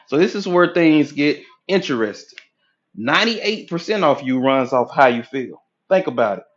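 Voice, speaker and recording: A man coaching on mindset, lecturing at a whiteboard in an animated way and acting out inner voices with casual profanity. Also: on the high side, normal speed, highs cut off. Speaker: hypnotherapy coach.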